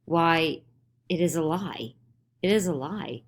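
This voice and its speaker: A woman voicing a frail, gentle, steadfast older woman in a dramatized play reading. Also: low voice, takes it slowly.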